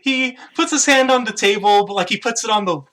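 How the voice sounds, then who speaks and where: Man game master, bright voice, casual halting narration. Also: high voice, slight background noise.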